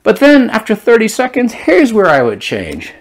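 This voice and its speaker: A man's voice: sits high, huge pitch swings, moderate pace, vocal fry. A man from Rhode Island telling a playful story in a vlog. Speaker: vlogger.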